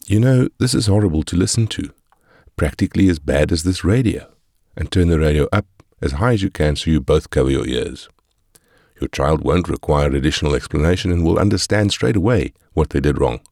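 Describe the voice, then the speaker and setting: Super deep voiced guy reading a parenting book, slow careful short phrases, dry close sound. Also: a little mellow, no room sound. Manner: measured, instructive, reads in short phrases. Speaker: audiobook narrator. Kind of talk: scripted narration of a parenting guide.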